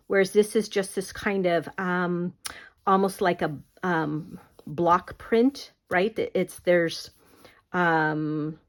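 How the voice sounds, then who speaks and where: A woman teaching an online art class in a casual, conversational way, often checking that the viewer follows. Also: on the low side. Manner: conversational, explaining with many fillers and checks.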